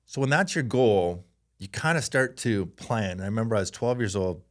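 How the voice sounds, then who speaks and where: A man from Canada, a former hockey player, telling stories in a casual interview, animated and laughing often as he acts out voices. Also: on the low side, normal speed.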